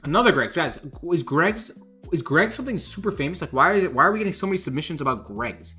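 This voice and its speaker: A man who develops games reacts to fan art on a livestream, joking, laughing plenty, and reading donations aloud in a chatty way. He talks fast, slightly high, with big pitch swings and a sharp tone.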